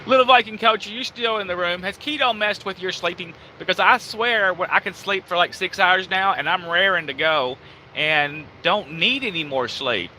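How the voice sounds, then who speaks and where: A man's voice: high-pitched, normal speed, bright, forceful tone, slight background noise. A man, co-hosting a casual live stream from a truck cab, teasing and playful. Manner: teasing, playful, admits he stutters less now. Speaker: trucker co-host.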